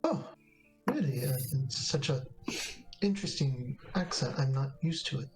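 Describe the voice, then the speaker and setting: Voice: medium pitch, animated, moderate pace, a little mellow. Player talking in character, hesitant, lots of uhs, faint music. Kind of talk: in-character tabletop role-play.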